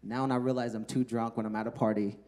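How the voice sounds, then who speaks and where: A man's voice: mid-range voice, flat delivery, quick pace, a little mellow. A man in his thirties doing a stand-up comedy set on a club stage into a handheld mic, loose and profane, chatting with the crowd and laughing at his own jokes. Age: 30s. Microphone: handheld microphone.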